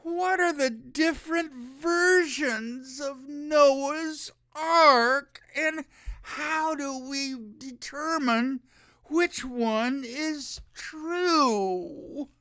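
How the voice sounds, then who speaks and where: A man's voice: extremely high pitch, very slow, pushed and bright, dry recording, pitched above the performer's own voice, heavily acted. A man voicing a whiny, pious religious questioner.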